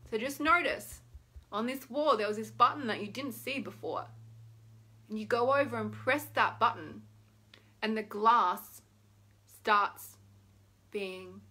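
A woman leading a guided tapping meditation, speaking slow, drawn-out affirmations and letting her voice fall soft and low at the ends of phrases. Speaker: energy healing guide.

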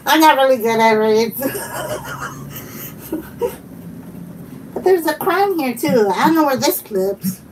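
Giggly high-voiced woman chatting live. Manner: giggly, chatty, laughs often and reads chat aloud. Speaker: live-streaming collector. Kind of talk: casual live-stream chat. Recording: distant mic with faint background noise.

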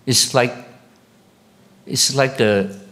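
Slow-speaking pastor preaching a sermon. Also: male voice, fairly even intonation, a bit bright. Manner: slow, halting delivery with questions to the congregation; rises sharply in pitch and volume when emphatic.

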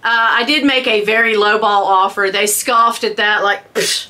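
Bright, chatty woman vlogger. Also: medium pitch, steady tone, normal speed. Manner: chatty, self-mocking, breaks into laughter. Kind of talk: casual chat to camera.

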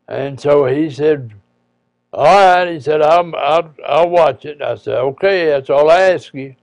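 A man, a preacher, telling a personal story in a folksy, halting way with frequent pauses and restarts. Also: a little high, gravelly, no room sound.

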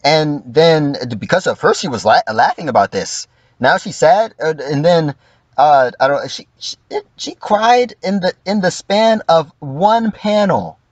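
A man's voice: a little high, animated, unhurried, no room sound, lo-fi sound. A man giving casual, profane livestream commentary, acting out quoted lines in mock voices.

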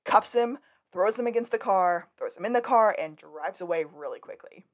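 A woman's voice: mid-range voice, lively intonation, normal speed. A woman co-hosting a podcast, retelling an episode in casual chat and acting out the characters' lines. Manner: storytelling, acts out quotes. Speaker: podcast co-host.

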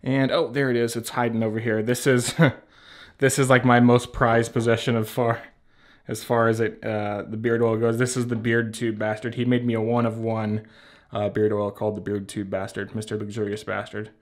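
A man's voice: on the low side, flat delivery, normal speed. A man casually showing his beard products to a handheld camera, rambling, swearing and laughing as he goes. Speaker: beard care vlogger. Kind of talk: casual product show-and-tell. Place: at home by a shelf. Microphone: handheld camera at arm's length.

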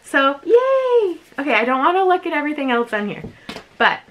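Young woman unboxing vlogger, lively high voice, gushy and chatty. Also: fast, background noise. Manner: gushing, bubbly, says "like" a lot. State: a bit out of breath. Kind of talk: casual unboxing chat.

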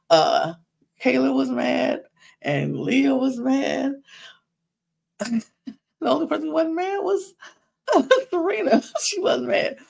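A woman's voice: high-pitched, vocal fry. A woman hosting a podcast, giving a casual gossipy recap of a reality show, chatty and laughing often. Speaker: podcast host.

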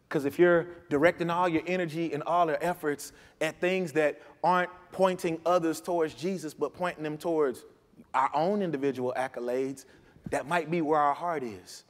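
A man pastor preaching a sermon in a church, impassioned, swinging between quiet reflection and loud urgency. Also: fairly high pitch, big-room sound. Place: church sanctuary.

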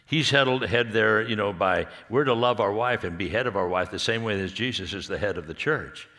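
A man preaching at a marriage conference, telling stories in a rambling, halting way and often laughing. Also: on the low side, pushed and bright, big-room sound. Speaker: pastor speaking at a marriage conference. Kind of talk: conversational sermon with storytelling. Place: church hall.

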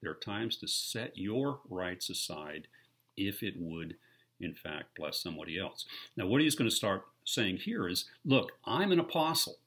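A man in his sixties, a pastor preaching a sermon in a conversational storytelling way that grows animated when he retells stories. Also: low-pitched, unhurried, husky.

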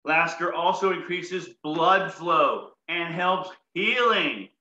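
A man leading a comedic laughter yoga session, his voice high, very bright and full of swoops as he jokes playfully with the audience. The recording sounds roomy and a bit dull. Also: lively intonation, takes it slowly. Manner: playful, upbeat, joking to the audience. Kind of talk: comedic exercise instruction.

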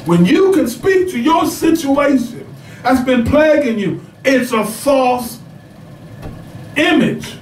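A man preaching a sermon, telling stories with animated shouts and laughter. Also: extremely high pitch, takes it slowly, echoey room, recorded from a distance, slight background noise, rough recording. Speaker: pastor.

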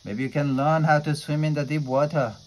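A man's voice: a little high, steady tone, a little fast, a little hiss or hum, pitched above the performer's own voice, close to an everyday voice, low-quality recording. A man reading as a caring mother. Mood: encouraging. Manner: gentle, encouraging. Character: caring mother of a young boy.

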